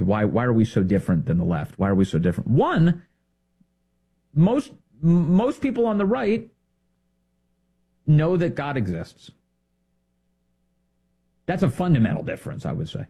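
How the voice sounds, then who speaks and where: A man hosting a political commentary show, talking in an indignant, emphatic way with sudden jumps in pitch. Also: warm tone, slightly rough.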